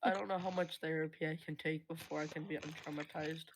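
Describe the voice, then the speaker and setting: A woman's voice: sits low, steady tone, quick pace, a little hiss or hum, rough recording. A young woman chatting as a co-streamer friend, playfully dramatic and exaggerating. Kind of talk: casual chat.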